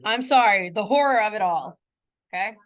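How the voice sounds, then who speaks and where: A woman's voice: medium pitch, animated, moderate pace. A woman teaching a math class, talking casually, often checking in with her students and joking about her own slips. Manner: playful self-mocking asides. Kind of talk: classroom lecture.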